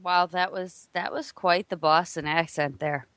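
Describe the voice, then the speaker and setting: A woman's voice: lowish voice, steady tone, measured pace, a bit bright, smooth, dry recording. A young woman co-hosting a podcast in casual chat, teasing and rattling off plugs. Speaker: podcast co-host.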